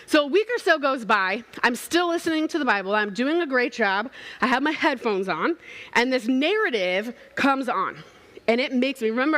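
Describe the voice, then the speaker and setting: A woman preaching a sermon, telling a story in a playful, animated way and acting out the voices in it. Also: fairly high pitch. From Southern California. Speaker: pastor.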